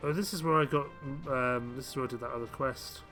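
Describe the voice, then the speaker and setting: A man's voice: mid-range voice, fast, fairly bright tone, faint music behind. A man streaming a game live, chatting casually and thinking aloud with self-mocking asides. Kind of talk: casual live gameplay commentary.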